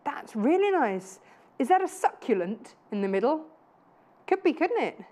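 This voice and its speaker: A woman in her thirties hosts a live studio sales show. Her voice sits a little high, and she gushes with chatty, self-deprecating asides. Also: sing-song, normal speed, warm tone. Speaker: shopping channel presenter.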